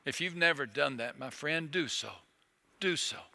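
A man preaching a sermon as pastor, earnest and pleading, slowing down to repeat key phrases. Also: on the high side, vocal fry, bright, forceful tone, long reverb tail.

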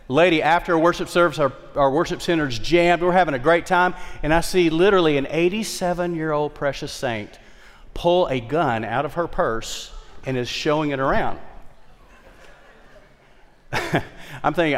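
A male pastor preaching a sermon with emphatic delivery and wide swings in pitch and loudness. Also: moderate pace. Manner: emphatic preaching, repeats key phrases, dynamic swings in pitch and volume. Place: large church worship center. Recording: long hall reverb.

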